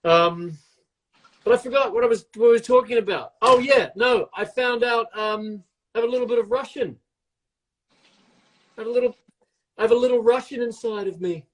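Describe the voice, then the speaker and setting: A man's voice: very high-pitched, moderate pace, long pauses, fairly bright tone. A middle-aged man chatting casually and joking on a live stream as he bakes along. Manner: playful, rambling, jokes and teases. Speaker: co-host baking along.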